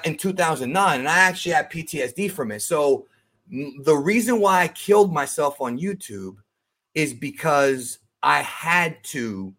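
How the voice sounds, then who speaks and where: Male podcast guest, a bit high-pitched, candid and earnest, casual slang. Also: a bit bright. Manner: earnest, frank, says bro, many restarts.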